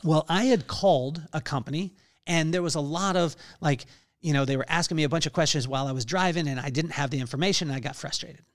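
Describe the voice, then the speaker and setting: Guy doing a solo podcast, upbeat and chatty, slightly higher voice, studio mic. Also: fast. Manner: energetic, conversational storytelling with quoted dialogue. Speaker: podcast host.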